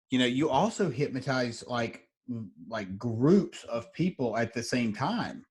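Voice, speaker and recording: A man hosting an interview, asking questions casually with halting restarts. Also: mid-range voice, expressive, darkish tone. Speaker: podcast host.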